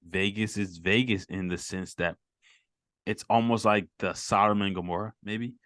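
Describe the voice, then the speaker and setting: A man hosting a casual movie chat, excitable, laughing often and repeating himself. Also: on the low side, normal speed, no echo. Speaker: podcast host.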